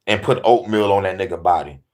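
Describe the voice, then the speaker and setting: A man's voice: deep voice, a little fast, darkish tone. A man hosting a casual comedic rant, swearing freely, laughing often and hammering his points. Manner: profane, laughing, emphatic. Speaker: host.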